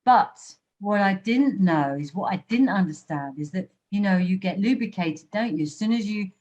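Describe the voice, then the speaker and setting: A woman's voice: mid-range voice, lively intonation, moderate pace, darkish tone, lo-fi sound. A woman hosting a podcast, chatting casually and drawing her guest in with tag questions. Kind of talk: casual chat.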